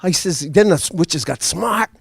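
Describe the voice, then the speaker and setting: An older man spins a funny story for a live crowd, laughing along with his own tale. His voice sits fairly high and swings widely in pitch. The sound is close and dry. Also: moderate pace, vocal fry, breathy edge, no room sound. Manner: animated, chuckles through his own story.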